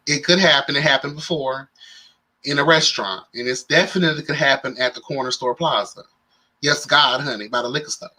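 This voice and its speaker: In a live reality show recap, a young male host talks fast and animatedly at medium pitch, bringing sass, camp, slang, and exclamations. The audio is poor.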